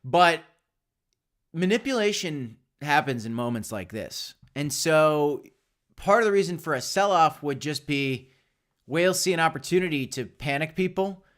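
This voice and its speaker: This crypto livestream host has a fairly high, expressive voice with a bit of brightness, moving at a moderate pace. His casual commentary is opinionated and aimed squarely at viewers, full of restarts and self-corrections.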